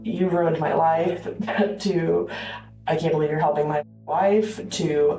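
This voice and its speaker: A woman interviewed about a friend, telling it in an animated way and quoting others. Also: deep voice, moderate pace, soft background music. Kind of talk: interview recollection. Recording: echoey and distant.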